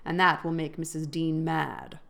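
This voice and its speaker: A woman reading aloud, voicing a harsh, brutal grown man who speaks loudly and threateningly. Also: low voice, normal speed, creaky. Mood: menacing. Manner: loud, grim, threatening.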